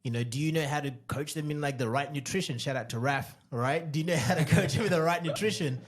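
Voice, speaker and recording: Man, podcast co-host, dating advice, emphatic, repetitive, somewhat high voice. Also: fast. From Australia. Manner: emphatic, repeats key phrases, acts out voices in anecdotes. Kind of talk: animated storytelling advice.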